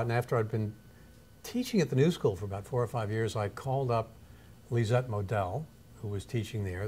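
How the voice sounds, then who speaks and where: A man's voice: on the low side, darkish tone, a little hiss or hum. A man, a photographer and teacher, reflecting and telling anecdotes in a studio interview. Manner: thoughtful, anecdotal, measured.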